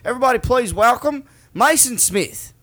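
A man's voice: extremely high pitch, lively intonation, moderate pace, voice pushed up, full character voice. Man putting on a brash Australian club MC. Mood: announcing. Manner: loud, announcing. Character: brash Australian male comedy club host.

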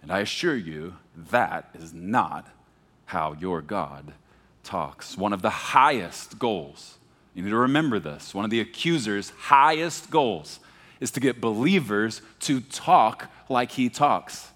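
Animated preacher in a reverberant hall. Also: male voice, lowish voice, slow pace. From Texas. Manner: animated preaching, swings from hushed to emphatic. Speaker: pastor. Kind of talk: sermon.

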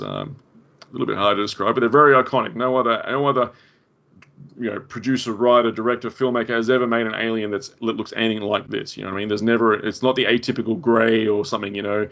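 Australian male podcast host, gravelly middle-pitched voice, animated scene recaps, slightly dull recording. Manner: animated retelling with acted-out quotes. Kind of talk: casual movie review chat. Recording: muffled podcast audio.

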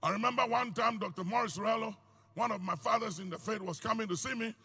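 An older man with a Ghanaian accent preaching a sermon, swinging between loud outbursts and quiet, low asides. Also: quick pace, breathy edge. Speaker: pastor.

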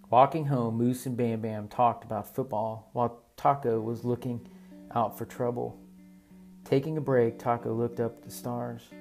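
A man narrating an audiobook story in a steady storytelling manner. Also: mid-range voice, measured pace. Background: soft guitar music.

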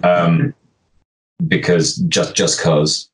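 A man's voice: low-pitched, flat delivery, drawn-out words. A man co-hosting a casual podcast chat about tabletop game rules, rambling and correcting himself as he jokes. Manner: rambling, self-correcting, jokey. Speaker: podcast co-host.

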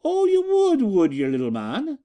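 Brief: outraged Irish landlady, a male narrator doing her, piercing and shrill. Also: huge pitch swings, measured pace, heavily acted. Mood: scornful. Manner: shrill, indignant shouting.

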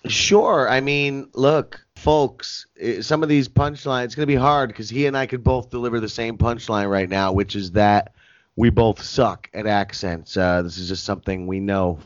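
A man's voice: fairly low pitch, steady tone, moderate pace, no echo, muffled recording. A man co-hosting a podcast, wry and self-mocking in casual comedy banter. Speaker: podcast co-host.

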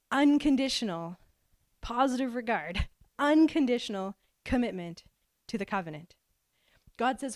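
A woman's voice: a little high, no echo, studio quality. A woman in her thirties preaching a sermon, earnest and heartfelt, often repeating words as she starts a phrase. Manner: earnest, repeats words when starting a phrase, voices God's lines with feeling.

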